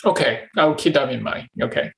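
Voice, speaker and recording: A man with a medium-pitched, somewhat fast voice, vocal fry, and a bit of brightness asks questions as a channeling practice partner in a casual conversation. He speaks hesitantly, repeating himself with many restarts and fillers. The recording is low quality.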